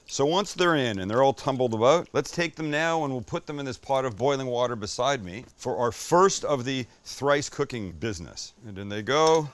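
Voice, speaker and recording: A man's voice: medium pitch, clean tone. Joking man hosting a cooking show. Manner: joking and irreverent, with occasional swearing; talks the viewer through each step. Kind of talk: casual cooking demonstration.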